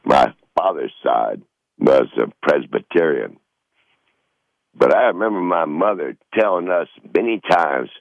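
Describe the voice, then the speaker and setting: Deep-voiced profane rambling man. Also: sing-song, normal speed, vocal fry, dry recording, dull audio. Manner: profane, rambling, reads from notes. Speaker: podcast host. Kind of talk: rambling casual monologue. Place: Northern Michigan home.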